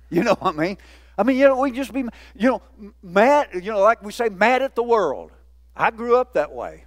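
A man's voice: high voice, sing-song, normal speed, dry recording, studio quality. A man in his fifties preaching a folksy, playful sermon in a church, often laughing. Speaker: pastor.

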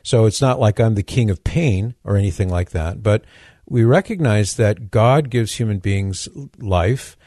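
A man with a low, mellow voice hosts a radio call-in show and explains his answers in a measured, orderly way. He is losing his voice, so it sounds a little worn. The sound is dry and close. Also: no echo.

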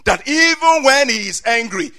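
A man with a noticeably high voice preaches a passionate sermon at a moderate pace, saying amen again and again and circling back over his own phrases. His expressive delivery climbs toward loud, emphatic peaks.

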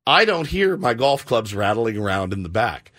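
Casual storytelling banter comes from a middle-aged radio host whose voice is medium in pitch at a normal speed. Animated and poking fun at himself, he keeps leaping into quoted voices of the people in his tale.

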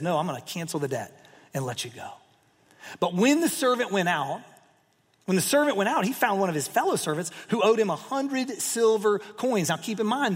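Pastor, male, expressive storyteller; husky voice, long hall reverb. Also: high voice. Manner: expressive, emphatic storytelling with asides. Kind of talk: sermon.

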